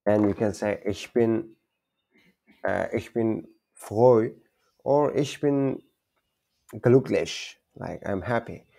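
Low slow guy w/ a gravelly voice, keeps repeating words n fixing himself. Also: dark tone. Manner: halting, repeats words, self-correcting. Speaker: language learner teaching German basics. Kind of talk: informal self-taught lesson.

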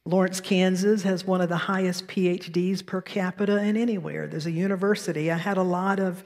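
A woman's voice: lowish voice, steady tone, brisk, a little mellow, long reverb tail. A woman minister with a Southern American accent, delivering a sermon with storytelling and self-deprecating asides. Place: church sanctuary.

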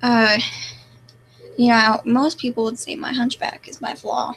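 A young woman answers viewer comments with a deadpan, self-mocking delivery. Her voice sits a little high and carries a gravelly fry. A faint hum runs under the home recording. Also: unhurried, rough recording. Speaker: live streamer. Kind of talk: casual live-stream chat reading comments.

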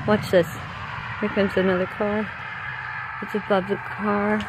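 A woman's voice: mid-range voice, level tone, a little slow. A woman filming an outdoor vlog on her phone, giving an anxious, breathless running commentary. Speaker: vlogger. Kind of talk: handheld paranormal vlog commentary. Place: outdoors by a road at night. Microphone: phone camera. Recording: phone recording with outdoor noise.

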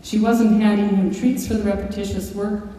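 A woman's voice: medium pitch, flat delivery, normal speed, dark tone, a little hiss or hum. A woman author giving a lecture, reading from her book and telling stories in a large lecture hall. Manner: storytelling, with occasional fillers and restarts. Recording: echoey lecture hall, mic far off.

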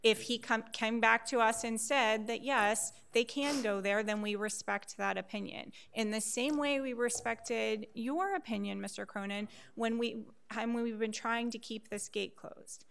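A woman's voice: fairly high pitch, fairly even intonation, vocal fry, fairly bright tone, slight background noise. Firm woman chairing a meeting. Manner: firm, measured, explanatory. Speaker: board chair.

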